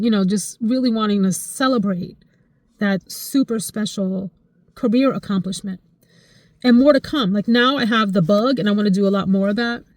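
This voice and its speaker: A woman in her forties chatting casually to camera about her life, expressive and emotional, her voice jumping high when she gets excited. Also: normal speed, no room sound, studio quality. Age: 40s. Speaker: vlogger.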